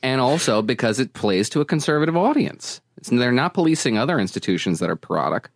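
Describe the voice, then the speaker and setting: A man's voice: mid-range voice, big pitch swings, fairly quick, dry recording, clean studio sound. A man making an emphatic argument as a guest in casual political talk on a podcast.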